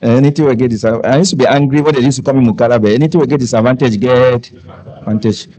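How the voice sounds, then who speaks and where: A man's voice: mid-range voice, fast, dark tone, rough recording. A man from Cameroon with a Cameroonian Pidgin English accent doing live stand-up comedy and making a fundraising appeal, joking and breaking into snatches of hymns. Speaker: event entertainer and fundraiser.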